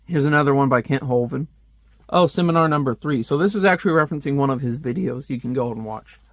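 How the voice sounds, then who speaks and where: A man with a mid-range voice talks fast, reviewing a comic book page by page with casual, joking commentary. His manner is chatty, full of joking asides, and there's no room sound.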